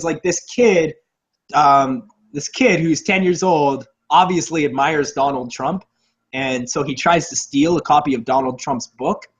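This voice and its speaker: A man's voice: on the high side, breathy edge. A man co-hosting a casual movie podcast, laughing often and swearing as he riffs on films. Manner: animated, laughing, swears, does mocking quoted voices. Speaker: podcast co-host. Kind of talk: casual chat about movies.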